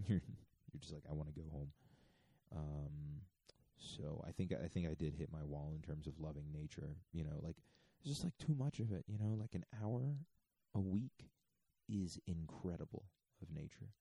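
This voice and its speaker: A man hosting a podcast, talking in a hushed, half-whispered ramble full of swearing and chuckles. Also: extremely low pitch, creaky, no echo. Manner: profane, digressive, chuckling. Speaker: podcast host. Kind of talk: rambling comic monologue. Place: renovated church getaway, indoors.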